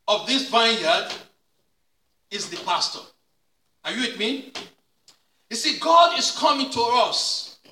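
High-voiced pastor preaching in an echoey room. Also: male voice. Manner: repetitive call-and-response preaching, rising to shouts. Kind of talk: sermon. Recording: echoey room, mic at a distance.

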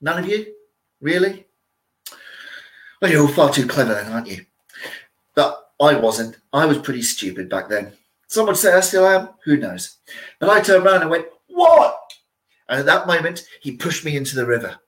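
A man's voice: fairly high pitch, very animated, normal speed, pauses often, a bit bright, low-quality recording. A man telling a story in character as a costumed storyteller, with a theatrical delivery and playful asides to his listeners. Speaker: costumed storyteller at a visitor attraction. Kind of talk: theatrical first-person storytelling.

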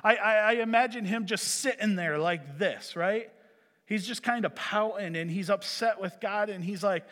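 A male preacher giving a sermon, animated, swinging from loud emphasis to hushed lines. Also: sits high, normal speed. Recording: echoey hall.

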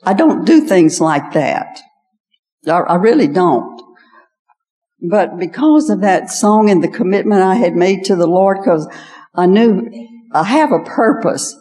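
A woman's voice: medium pitch, lively intonation, a little slow, mellow, big-room sound. An older woman giving a folksy personal testimony as a guest speaker at an evening women's gathering. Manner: folksy storytelling, repeats "I said". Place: large hall at an evening event.

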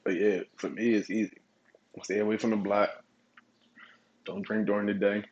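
A man hosting his own podcast, telling stories in a relaxed, profane way and chuckling often. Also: fairly low pitch, moderate pace, husky, muffled recording. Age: adult. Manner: laid-back, profane storytelling with chuckles. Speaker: podcast host. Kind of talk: casual solo podcast monologue.

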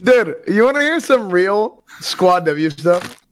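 A man's voice: sits high, very animated, slow. A man in casual chat, telling a story in a wry, offhand way. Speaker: streamer guest.

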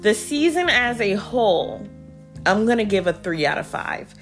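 A woman's voice: medium pitch, sing-song, normal speed, soft background music. A woman in her early thirties hosting a podcast, recapping a TV show in casual, slangy chat with dramatic reenactments.

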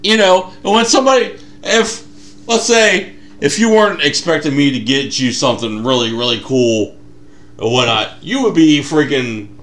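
A man's voice: a little high, moderate pace. A young man co-hosting a podcast, telling a story with lots of acted-out quotes. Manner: animated storyteller, acts out quotes. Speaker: podcast co-host. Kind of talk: casual chat.

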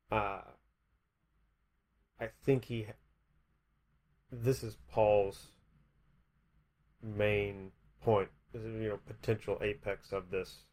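A man's voice: on the low side, level tone, drawn-out words, pauses often, darkish tone. A man in a casual Bible discussion, hesitant, often restarting his sentences.

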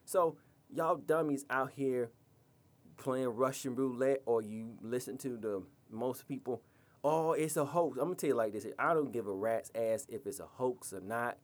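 A man's voice: medium pitch, moderate pace. Blunt, scolding podcast host man. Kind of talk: podcast rant.

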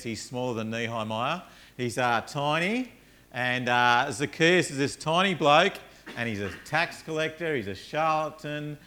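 A man preaching a sermon as a pastor, telling Bible stories in an animated way and acting out the characters. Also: medium pitch. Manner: animated storytelling, acts out characters.

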